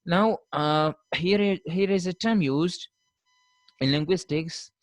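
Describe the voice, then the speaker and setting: A man giving a recorded linguistics lecture, modelling word pronunciations slowly and checking in with "fine" after each point. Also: a little high, dry recording.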